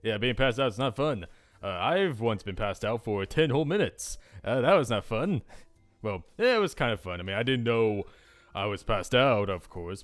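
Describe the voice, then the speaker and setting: A man's voice: on the low side, fairly bright tone. A young man hosting a let's play of a visual novel, with goofy, rambling asides. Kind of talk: casual commentary on a visual novel.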